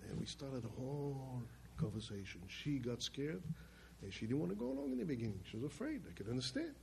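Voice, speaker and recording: A man telling a personal story in plainspoken speech, swinging between loud emphatic bursts and quiet low passages. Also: very animated, a little fast, vocal fry, a little hiss or hum. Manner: plainspoken, with restarts and loose grammar. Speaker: speaker telling his life story.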